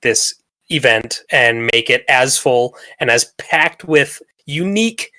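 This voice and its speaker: A man co-hosting a podcast, reading out event plans with upbeat energy. His voice is bright and sharp-edged. The sound is dry and close, with no room around it. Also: medium pitch, expressive, takes it slowly, no echo. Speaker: podcast co-host. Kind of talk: casual chat.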